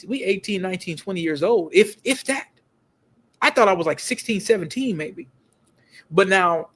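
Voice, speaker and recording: A man telling stories in a casual, emphatic rant, full of street slang and repeated words. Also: high-pitched. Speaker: video commentator.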